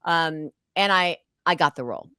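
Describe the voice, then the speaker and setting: Animated lowish-voiced woman telling her story. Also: moderate pace, smooth, no room sound. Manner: animated, dramatic, acts out past conversations. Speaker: guest, actress and author. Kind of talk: emotional storytelling in an interview.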